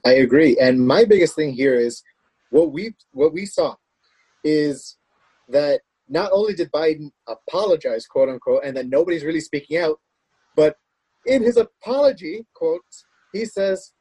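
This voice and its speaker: A man talking politics on a chat show, measured and often circling back to restart his sentences. His voice sits a touch high, with a mellow, slightly husky tone. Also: expressive, low-quality recording.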